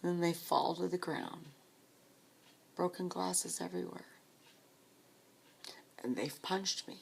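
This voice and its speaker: A woman telling her own story of supporting grieving people, speaking softly and often dropping to a whisper, tearful at times. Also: fairly low pitch, steady tone, slow, creaky, slight background noise. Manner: soft, hushed, often breaking into a whisper. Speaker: grief support volunteer. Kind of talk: personal storytelling.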